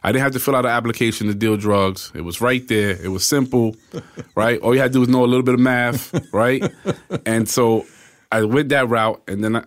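Male guest, 40s, low voice, casual storyteller who acts out quotes. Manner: acts out quoted voices, often asks "right?". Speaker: interview guest.

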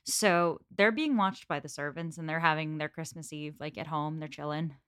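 A woman's voice: low-pitched, moderate pace, a bit bright, clear, resonant tone, no room sound, clean studio sound. A woman co-hosting a casual book discussion, wry and explaining historical context with casual swearing. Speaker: podcast co-host.

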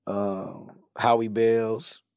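A man from Chicago's west side, in his forties, telling profane stories in an animated casual chat as a podcast host. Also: fairly low pitch, extremely slow, clean tone, dry recording, clean studio sound. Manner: animated, profane storytelling with quoted voices.

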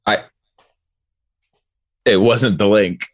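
A male podcast host in casual comedy chat, telling a story deadpan. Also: on the low side, very slow, no echo.

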